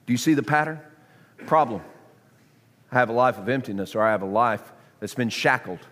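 A man preaching a sermon to a congregation, swinging from hushed tones to near-shouting. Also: medium pitch, expressive, fairly quick, big-room sound. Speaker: pastor.

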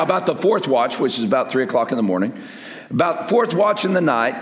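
Animated older preacher in echoing hall. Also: male voice. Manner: lively preaching that swings from loud peaks to soft low asides. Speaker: pastor. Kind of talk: sermon. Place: large church sanctuary with long reverb. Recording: echoey hall with long reverb.

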